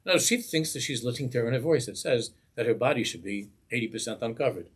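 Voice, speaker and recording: A man's voice: mid-range voice, fast talker, husky. A man, a rabbi giving an impassioned Torah class in a synagogue, pleading with rhetorical questions.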